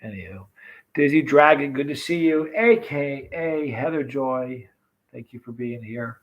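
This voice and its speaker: A man's voice: medium pitch, a little slow, muffled recording. A man with a stuffed-up, congested nose, hosting a casual livestream chat and greeting viewers by name with rambling asides. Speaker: livestream host.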